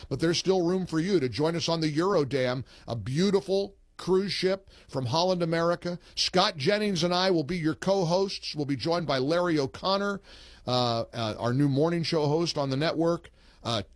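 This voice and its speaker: A man's voice: on the high side, no echo. A man hosting a talk radio show in an emphatic, punchy way, speaking in clipped phrases into a studio mic.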